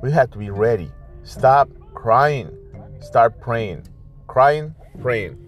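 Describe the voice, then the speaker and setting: A man's voice: mid-range voice, lively intonation, slow, highs cut off, soft background music. A male pastor giving a morning devotional message from his car, exhorting listeners with short repeated urgings. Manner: exhorting, repetitive, direct address.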